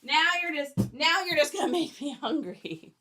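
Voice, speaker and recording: Bright, high-voiced chatty woman. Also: very animated, normal speed. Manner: chatty, joking, reads viewer comments aloud. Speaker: reseller livestream host. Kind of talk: casual livestream chat while packing orders.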